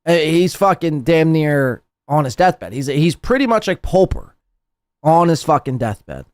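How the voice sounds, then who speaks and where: A man's voice: a little high, expressive, measured pace, no echo, studio quality. A man hosting a podcast, mocking and sarcastic in casual, profane commentary on clips.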